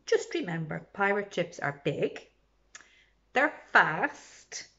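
A kindly, soft-spoken father from a children's picture book, voiced by a woman. He speaks low and gently, nearly in a whisper. The recording is a little dull and lo-fi. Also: sing-song, slow pace, heavily acted. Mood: gentle.

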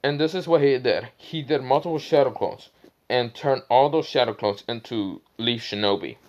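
A man's voice: mid-range voice, moderate pace, a little mellow, lo-fi sound. Rambling casual male storyteller. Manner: rambling, fillers like "what's it called". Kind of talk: casual fan-fiction narration.

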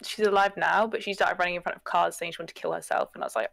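A young woman chats casually, hesitant and soft-spoken. Her voice has a gravelly fry. The recording is close and dry. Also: on the low side, steady tone, very fast, no echo. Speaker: date guest. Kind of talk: casual chat.

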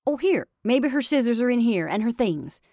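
A woman's voice: a little high, sing-song, normal speed, darkish tone, dry recording, clean studio sound, voice pushed up. A woman voicing a plain-spoken, middle-aged farm wife in a read-aloud story, speaking earnestly. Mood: brisk.

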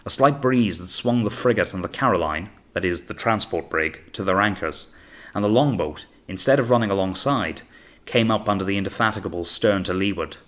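A man reading an audiobook as narrator in a steady, measured way. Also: sits low. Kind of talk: scripted narration.

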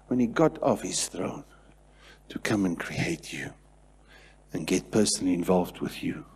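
Pastor preaching in church, husky voice, goes quiet then loud, repeats lines. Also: male voice, on the low side. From South Africa. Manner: swings between hushed and loud, repetitive preaching. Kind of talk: sermon.

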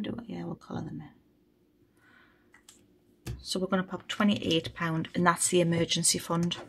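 A woman's voice: lowish voice, moderate pace, gravelly, long pauses, a bit bright, husky. A woman chatting casually on a budgeting vlog, thinking aloud as she counts money. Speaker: budgeting vlogger. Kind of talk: casual chat while cash stuffing.

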